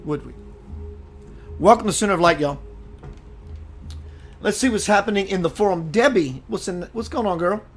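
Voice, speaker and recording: A man hosting a live spiritual talk show, speaking emphatically and calling his viewers sister and brother as he reads their comments. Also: on the high side.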